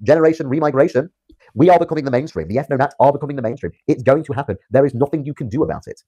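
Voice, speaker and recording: A man's voice: mid-range voice, lively intonation, rapid-fire, warm tone, husky, dull audio. A young man from Britain on a livestream, ranting defiantly with rambling restarts. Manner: rambling, repetitive, stumbling restarts.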